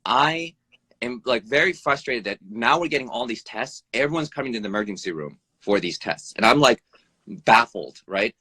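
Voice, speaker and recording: A man who works as an emergency room doctor, talking bluntly over a live video stream, swearing freely, his pitch jumping up and down, and tagging "right?" onto his points. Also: moderate pace, slightly rough, no room sound. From United States. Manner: animated, pitch jumps up and down. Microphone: phone or video call mic.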